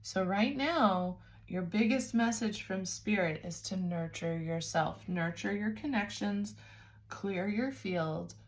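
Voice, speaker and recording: A woman giving a spiritual tarot reading, talking softly and warmly to the listener, calling them babes and sounding emotional and teary. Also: medium pitch, slow pace. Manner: soft, nurturing, calls listener babes. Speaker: tarot reader.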